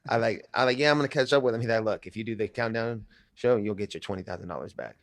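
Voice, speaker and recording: A man tells a story in an interview at a quick clip, cursing freely in a laid-back, mumbly way. His voice sits low with a gravelly edge, and the recording is dry and close. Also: no echo. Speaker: interview guest.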